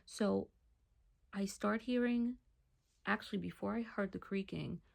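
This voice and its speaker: A woman telling a personal testimony in a casual, hushed storytelling voice that often drops to a near whisper. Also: mid-range voice, unhurried, vocal fry.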